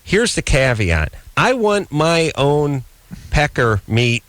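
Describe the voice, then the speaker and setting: A man's voice: a little high, sing-song, slow, a bit bright, dry recording. A man co-hosting a late-night call-in radio show, in casual, rambling, joking banter that mocks himself. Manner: rambling, joking, self-mocking.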